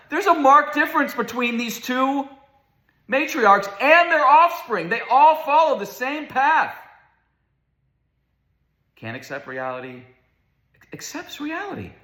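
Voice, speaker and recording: Animated man lecturing in a roomy echo. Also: extremely high pitch, takes it slowly, long pauses. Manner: emphatic, rhetorical questions, repeats words. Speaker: Torah teacher. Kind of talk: lecture on Torah themes.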